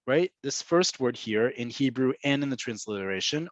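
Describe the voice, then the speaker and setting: A man teaching vocabulary in an online language lesson, explaining patiently and repeating words slowly for learners. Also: mid-range voice, dry recording. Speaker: Hebrew teacher. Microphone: computer mic on a video call.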